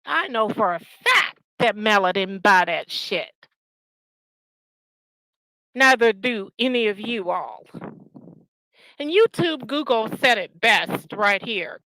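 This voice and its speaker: Woman, angry vlog rant, profane and scornful, slow deliberate delivery, bright tense tone. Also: mid-range voice, expressive, no room sound, rough recording. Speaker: channel host. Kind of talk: angry ranting commentary.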